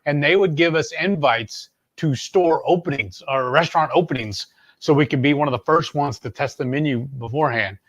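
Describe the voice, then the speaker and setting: A man hosting a cooking video in his home kitchen, talking in a relaxed, folksy way. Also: a little high, brisk. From Texas. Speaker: cooking channel host. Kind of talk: casual chat while cooking.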